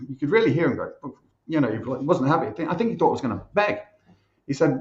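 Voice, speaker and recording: A man's voice: medium pitch, fast talker. Irish man telling a story, chatty. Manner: animated, chatty, swears casually. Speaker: podcast guest. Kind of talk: casual storytelling. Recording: roomy, dull recording.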